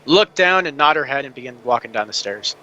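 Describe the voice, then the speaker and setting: A man acting as game master, narrating a tabletop game in a halting way full of fillers. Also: mid-range voice, expressive, highs cut off, very noisy.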